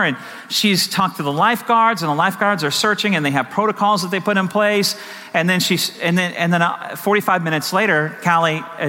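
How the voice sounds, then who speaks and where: Bright-voiced pastor preaching in a reverberant hall. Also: male voice, sits high. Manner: conversational preaching, rhetorical questions, storytelling. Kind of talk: sermon. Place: church sanctuary.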